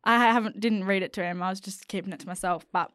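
A young woman co-hosting a podcast, reading listener stories aloud in a giggly, animated way. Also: medium pitch, fast, no echo, studio quality. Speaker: podcast co-host.

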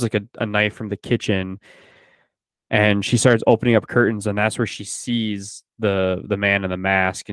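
A man hosting a podcast chats casually about a film, animatedly retelling it and acting out the characters' lines. His voice is on the low side with a clean tone and no echo.

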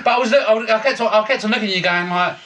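A man's voice: high voice, very fast, a little hiss or hum. A man co-hosting a podcast, telling stories in casual, sweary chat and acting out what people said. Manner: swearing, animated storyteller who acts out quotes. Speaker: podcast co-host.

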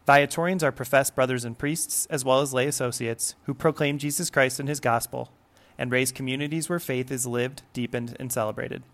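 A man hosting and producing a podcast, reading guest introductions in a measured, formal way. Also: medium pitch, fairly even intonation, a bit bright. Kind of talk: scripted introduction.

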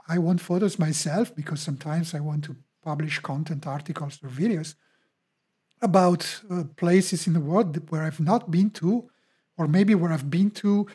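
Husky, mellow-voiced male podcast host. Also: a little high. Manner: thoughtful, hesitant, many restarts. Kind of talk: casual interview conversation.

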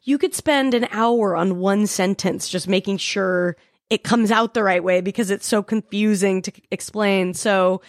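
A young woman guesting on a podcast, speaking in a relaxed, soft-spoken way. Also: mid-range voice, a little slow, dry recording, clean studio sound. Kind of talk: casual chat.

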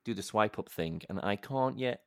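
A man's voice: on the low side, normal speed, clean tone. A man co-hosting in upbeat, chatty banter. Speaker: co-host. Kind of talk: casual banter.

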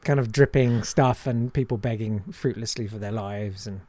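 A man's voice: on the low side, moderate pace, mellow, dry recording. A man, a comedian and impressionist, chatting casually and self-deprecatingly in an interview.

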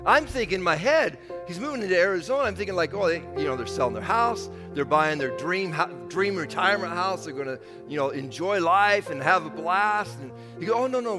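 High-voiced pastor guy in his 50s preaching in a church, echoey hall, faint music under. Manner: animated, acts out dialogue in bursts. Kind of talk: sermon. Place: church sanctuary.

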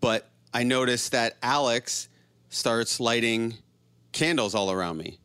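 A man telling a story in a casual, animated, profane way, often laughing as he goes. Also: medium pitch, measured pace, clear, resonant tone, dry recording. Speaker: podcast host telling a story.

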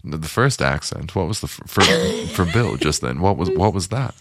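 A man's voice: deep voice, animated, moderate pace, very noisy. A man co-hosting a podcast in casual chat, chiming in with wry, teasing remarks. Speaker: podcast co-host.

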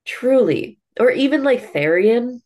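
A woman's voice: a little high, lively intonation, measured pace, a little mellow. A woman co-hosting a podcast, chatting casually about a book in a blunt way, with lots of "like" and the odd swear word. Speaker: podcast co-host. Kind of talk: casual book review chat.

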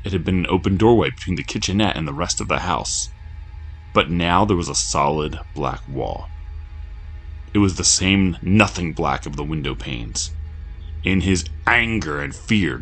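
A man narrating a horror story in a measured, grim storytelling manner. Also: low voice, animated, fairly bright tone, breathy edge, faint music behind. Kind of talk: scripted narration.

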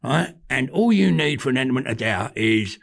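An older man with a London accent, a podcast guest telling animated stories in cockney slang, swearing freely. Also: mid-range voice, normal speed. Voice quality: gravelly, husky. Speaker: podcast guest, former gangster. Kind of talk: casual storytelling.

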